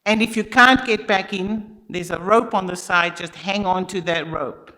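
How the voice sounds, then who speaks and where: A church storyteller putting on the voice of a stern male river guide with an African accent, giving slow, loud, emphatic safety warnings in a spoken story. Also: mid-range voice, rough recording.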